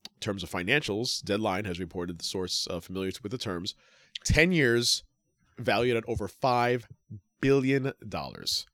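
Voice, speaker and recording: A man's voice: on the low side, expressive, moderate pace, a bit bright, no echo. A man co-hosting a casual wrestling podcast, reading out news with lots of "uh"s and jokes. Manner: reads news aloud with fillers and jokes. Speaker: podcast co-host.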